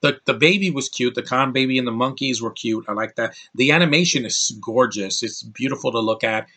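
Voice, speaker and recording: Man, bright voice, casual movie review, rambling, lots of fillers and restarts. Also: mid-range voice, fairly quick. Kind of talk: casual spoken film review.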